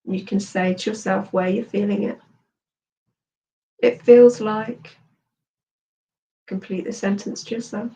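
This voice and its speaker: A woman therapist and coach leading a guided tapping session, speaking slowly and soothingly as she gives instructions. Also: mid-range voice, steady tone, dark tone, distant mic, poor audio.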